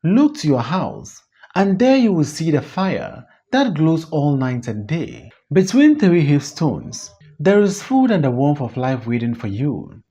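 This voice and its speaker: A reader voicing a wise mother who pleads gently and earnestly with her grown son, on a dull lo-fi recording. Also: mid-range voice, huge pitch swings, measured pace, breathy edge, heavily acted. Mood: pleading.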